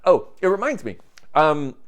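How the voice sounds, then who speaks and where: A man's voice: on the high side, very animated, a little slow, heavy background noise. A tired man giving a rambling, jokey, casual update straight to camera as a self-help teacher, often breaking off mid-thought.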